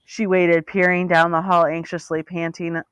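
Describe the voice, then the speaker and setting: Expressive woman reading a novel aloud. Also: lowish voice, normal speed, smooth, no echo, dull audio. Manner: steady, expressive storytelling. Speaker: audiobook reader. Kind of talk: audiobook narration.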